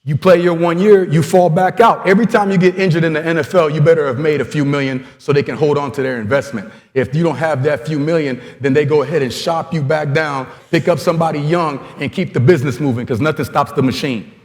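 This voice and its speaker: A man's voice: fairly high pitch, quick pace, hardly any pauses, in a large hall. A man from Congo gives a blunt, streetwise motivational talk to coaches, full of stories and slang. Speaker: guest speaker at a coaching clinic.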